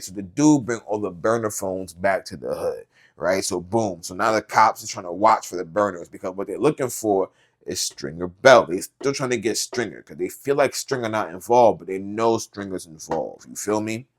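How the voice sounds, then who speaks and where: A man hosting a podcast, casually recapping a TV series in slangy, animated storytelling with lots of filler. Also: fairly low pitch. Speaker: podcast host.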